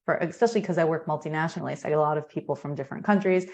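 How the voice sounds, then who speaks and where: An American woman talking as a guest in a podcast interview, energetic and emphatic, acting out quoted sales pitches as she explains. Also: rapid-fire. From United States. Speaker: guest, marketing consultant.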